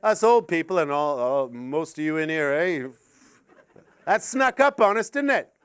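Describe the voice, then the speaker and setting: An older man performing a rambling, absurd stand-up comedy set at a live gig in a gallery, sweary and swinging from muttering asides to shouted rants. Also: a little high, big pitch swings, measured pace, clear, resonant tone, no room sound.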